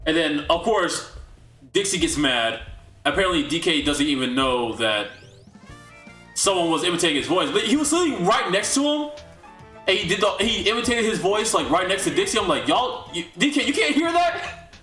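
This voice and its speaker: Recapping a story casually for his chat, a young man hosts a livestream with rambling, incredulous asides. His voice sits high, very animated, bright and forceful, at normal speed, in an echoey room with faint music.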